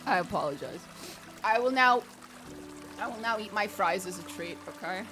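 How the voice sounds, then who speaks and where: A woman streaming a video game, chatting casually, excitable and swearing, often breaking into laughs. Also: medium pitch, moderate pace, music in the background. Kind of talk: casual gameplay commentary.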